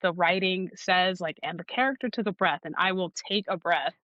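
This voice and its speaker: A woman audiobook narrator talking thoughtfully in an interview, pausing and restarting as she gathers her words. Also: lowish voice, no echo, muffled recording. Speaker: audiobook narrator and podcast guest. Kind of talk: conversational interview.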